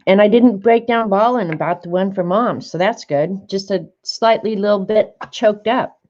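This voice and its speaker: A woman's voice: mid-range voice, moderate pace. An older woman vlogging in a casual, rambling way while she looks through old art journal pages. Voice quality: chatty, rambling, warm-hearted reminiscing. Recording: slightly dull lo-fi sound.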